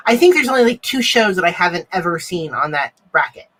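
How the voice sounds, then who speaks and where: A co-host on a livestream podcast with a sharp, bright voice at an ordinary pitch. They ramble through anecdotes, full of "uh" and "um". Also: big pitch swings, brisk, poor audio. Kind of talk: casual chat.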